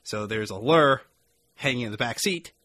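A man co-hosting a casual podcast, telling a story in a halting way with many pauses. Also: mid-range voice, lively intonation, pushed and bright. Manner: halting, full of fillers and restarts. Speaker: podcast co-host. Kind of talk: casual chat.

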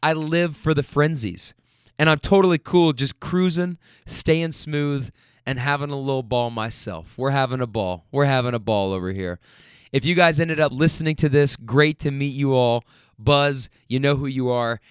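A man who hosts a podcast and drives rideshare, telling a profane, animated story in a casual monologue. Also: medium pitch, normal speed, clear, resonant tone, no echo, clean studio sound.

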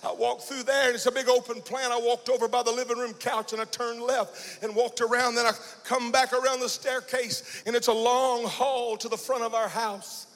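Pastor guy preaching hard, high bright voice, sings out his lines, echo from a big church hall. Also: little pitch movement, normal speed, hardly any pauses. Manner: impassioned preaching, shouting and chanting in bursts. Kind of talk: sermon. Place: large church sanctuary. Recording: church hall with long reverb.

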